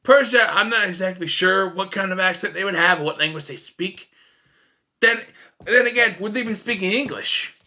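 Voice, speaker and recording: A man's voice: high voice, normal speed, bright, forceful tone. A man casually ranting about a film as a reviewer, profane and sarcastic. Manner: ranting, profane, jumps into mocking voices.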